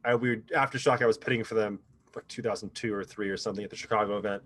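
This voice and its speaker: A man's voice: lowish voice, racing. A man in his thirties, a guest telling stories in a casual interview, rambling with lots of fillers. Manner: rambling with many fillers, animated when quoting others. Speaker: podcast guest, pro paintball player.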